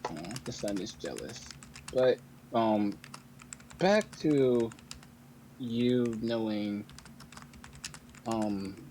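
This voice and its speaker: Slow, mellow-voiced man at a tabletop game. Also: on the low side, animated, slight background noise. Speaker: tabletop player. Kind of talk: casual in-character tabletop role-play.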